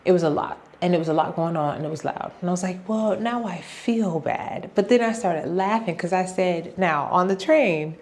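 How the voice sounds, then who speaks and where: Chatty low-voiced woman vlogger. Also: fairly quick, few pauses. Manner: chatty, animated retelling with quoted asides. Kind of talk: casual storytime vlog.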